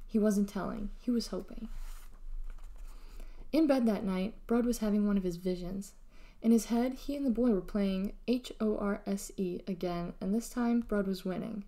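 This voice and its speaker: Female storybook reader, mellow tone, steady and expressive. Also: mid-range voice. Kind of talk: reading a children's novel aloud.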